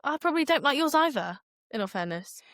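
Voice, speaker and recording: A woman co-hosting a podcast in casual chat, chatty and quick to laugh. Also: sits high, big pitch swings, a bit bright, dry recording, clean studio sound. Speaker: podcast co-host.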